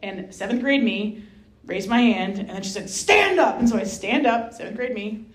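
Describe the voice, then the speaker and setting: A woman from Rhode Island, a Franciscan sister, telling a personal story as a guest speaker, lively and self-mocking, acting out the voices in her story. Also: medium pitch, moderate pace. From Rhode Island, USA. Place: hall with an audience. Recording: roomy echo.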